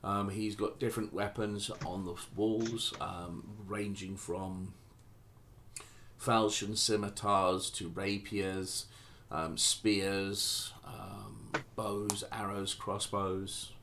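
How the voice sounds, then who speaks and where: A man narrates as game master in a low voice, meandering through descriptions with plenty of ums and restarts. A faint hum runs under the recording. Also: level tone, slow pace, gravelly, a bit bright. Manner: loose, full of ums and restarts.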